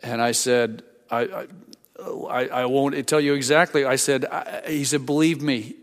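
Older man, pastor, sermon, conversational, repeated restarts, medium pitch, long hall reverb. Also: steady tone, measured pace.

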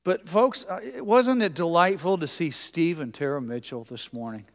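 Folksy preacher in a reverberant church. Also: male voice, fairly high pitch, normal speed. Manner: folksy, anecdotal, acts out quoted voices. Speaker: pastor. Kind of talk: sermon with storytelling. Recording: long hall reverb.

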